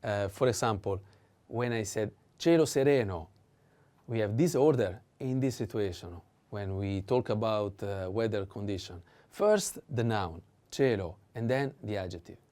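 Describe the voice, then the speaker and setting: A man teaching a vocabulary lesson, speaking slowly and carefully with hesitant fillers and repeating each word for learners. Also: fairly low pitch, darkish tone. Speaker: Italian language teacher. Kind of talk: vocabulary lesson with repetition drills.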